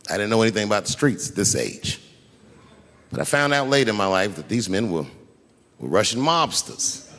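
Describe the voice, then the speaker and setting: A man's voice: medium pitch, fairly bright tone, a little hiss or hum. A man doing stand-up comedy on a theater stage, telling a long profane story in a conversational way that builds to punchlines. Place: large theater stage with audience. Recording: long hall reverb from a live stage.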